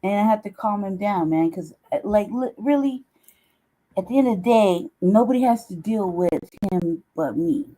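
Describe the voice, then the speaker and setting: A woman's voice: medium pitch, animated, moderate pace, mellow, low-quality recording. A woman chatting casually on her own stream, teasing, laughing often and swearing freely. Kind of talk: casual chat.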